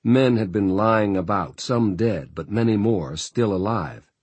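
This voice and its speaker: Deep husky male audiobook narrator. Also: measured pace, darkish tone, no echo. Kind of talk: scripted narration.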